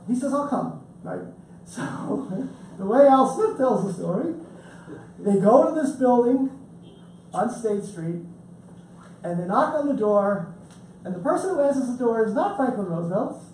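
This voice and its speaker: A man's voice: high-pitched, very animated, unhurried, long pauses, a little mellow, slight background noise. Guy telling history stories to an audience, joking asides, really echoey room, mic far off. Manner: chatty, joking asides, frequent restarts. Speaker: author giving a book talk. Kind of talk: informal lecture with storytelling. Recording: roomy, distant mic with faint ambience.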